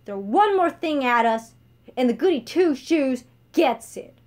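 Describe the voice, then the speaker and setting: A woman's voice: high voice, expressive, a little slow, darkish tone, pitched above the performer's own voice. A woman voicing a defiant, sarcastic young woman with a blunt manner, in a self-read story. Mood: threatening.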